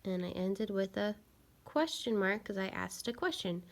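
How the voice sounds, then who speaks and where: Lady teacher sounding out words real slow for little kids, bit of gravel in her voice. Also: medium pitch, a little mellow. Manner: slow, patient, sounding out letters. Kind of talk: phonics lesson for young children.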